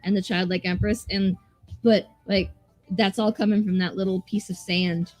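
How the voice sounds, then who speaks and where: A woman's voice: mid-range voice, normal speed, dry recording, soft background music. A young adult woman co-hosting a podcast, chatting casually and animatedly about a movie, swearing freely and restarting her sentences. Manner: animated, profane, rambling with restarts. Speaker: podcast co-host.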